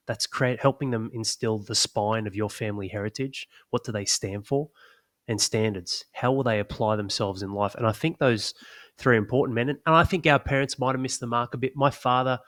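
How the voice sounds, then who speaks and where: A man's voice: mid-range voice, fairly bright tone, dry recording. A middle-aged man, a podcast co-host, speaking earnestly and reflectively in casual conversation. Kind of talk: casual chat.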